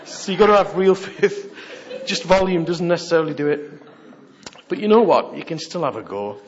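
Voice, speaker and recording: A man preaching a sermon, animated and humorous, moving from hushed asides to loud exhortation. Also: a little high, normal speed, muffled recording.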